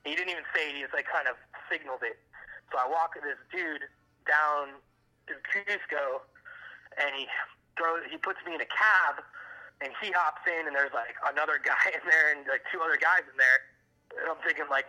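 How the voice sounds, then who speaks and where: Man, very bright sharp voice, casual chat, rambling, swears a lot, lots of fillers. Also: on the high side, a little fast, low-quality recording. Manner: rambling, profane, heavy fillers. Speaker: storyteller on a call with his brother.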